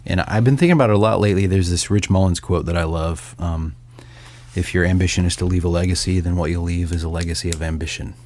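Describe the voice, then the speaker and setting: A man, a songwriter and author, talking casually and thoughtfully, with pauses and easy laughter. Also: sits low, a little mellow. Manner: reflective, hesitant, laughs easily. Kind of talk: casual conversation.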